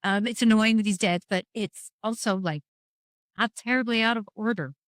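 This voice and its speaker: A woman's voice: mid-range voice, moderate pace, no echo. Frank middle-aged woman, dry close sound. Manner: frank, wry, rambling storytelling with quoted dialogue. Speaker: podcast guest. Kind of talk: candid conversation about grief.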